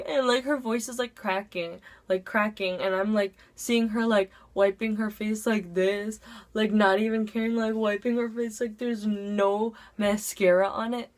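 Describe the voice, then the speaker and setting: A woman's voice: medium pitch, fairly even intonation, normal speed. Chatty teen girl telling a story. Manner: chatty, heavy use of "like". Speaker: vlogger. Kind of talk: casual storytime.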